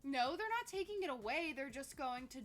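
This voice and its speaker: A woman's voice: high voice, expressive, brisk, fairly bright tone, faint music behind. A woman co-hosting a casual livestream podcast, teasing her partner in a dry way. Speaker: podcast co-host.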